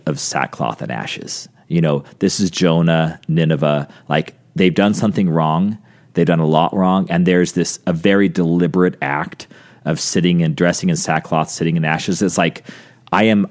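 Earnest low-voiced man, halting. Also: darkish tone. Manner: earnest, halting, restarts often. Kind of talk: reflective casual conversation on faith.

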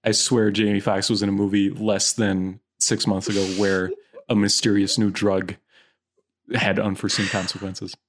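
A man's voice: fairly low pitch, moderate pace, a little hiss or hum. A man co-hosting a podcast, chatting casually and joking while reading movie blurbs aloud. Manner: animated, jokey, reads movie blurbs aloud. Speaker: podcast co-host.

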